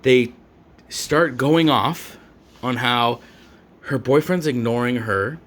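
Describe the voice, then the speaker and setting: A man's voice: medium pitch, slow pace, a bit bright. Rambling, foul-mouthed young man. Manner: profane, slangy and rambling, with frequent fillers. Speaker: vlogger. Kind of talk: rambling storytime rant.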